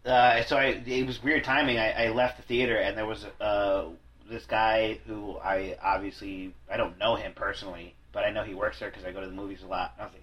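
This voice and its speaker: A man's voice: fairly low pitch, little pitch movement, fairly quick, fairly bright tone, low-quality recording. Rambling, profane man hosting a chat. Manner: rambling, profane, self-deprecating. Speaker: podcast host. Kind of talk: casual chat.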